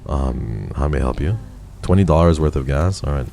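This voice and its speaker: A man's voice: very deep voice, moderate pace, vocal fry, a little mellow, slight background noise. A male streamer giving live commentary on a game, talking to his chat and swearing in frustration.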